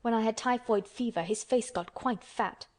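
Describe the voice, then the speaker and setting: A woman's voice: a little high, normal speed, a little mellow, lightly acted. A woman voicing a sickly, spoiled young boy who asks petulant, anxious questions. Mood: resentful.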